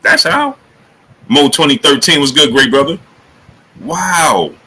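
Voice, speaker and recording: A man hosting a casual boxing talk livestream, greeting chatters by name and jumping into high excited exclamations. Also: unhurried, breathy edge, poor audio. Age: adult. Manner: animated, rising to high excited exclamations when joking. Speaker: livestream host.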